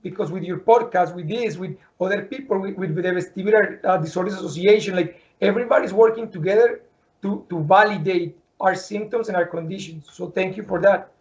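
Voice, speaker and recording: A man's voice: sits high, brisk, muffled recording. A man hosting an interview, talking earnestly and restarting his words often. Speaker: podcast host. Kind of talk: emotional interview conversation.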